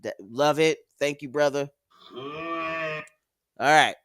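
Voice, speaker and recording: A man's voice: fairly high pitch, slow pace, fairly bright tone, no echo, clean studio sound. A man hosting a livestream and reading chat aloud, rambling and profane with a mock-tough edge.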